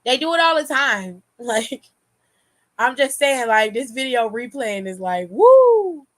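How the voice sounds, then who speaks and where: Animated woman giving casual wrestling takes. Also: fairly high pitch, a little slow. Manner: animated, expressive, swears freely, laughs often. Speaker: wrestling commentary vlogger. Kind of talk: casual reaction commentary.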